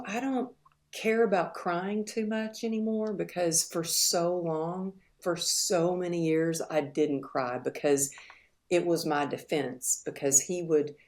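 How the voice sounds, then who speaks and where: A middle-aged woman telling her story as a podcast guest, earnest and reflective, sometimes halting. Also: on the low side, a little mellow. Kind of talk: candid interview storytelling.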